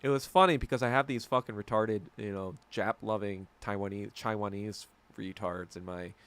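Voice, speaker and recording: A man's voice: on the low side, fairly even intonation, normal speed, fairly bright tone, smooth, no echo. An American man hosting a podcast, rambling in a crude, profane and mocking way. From United States. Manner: mocking and abrasive. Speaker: podcast host. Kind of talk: casual solo podcast rant.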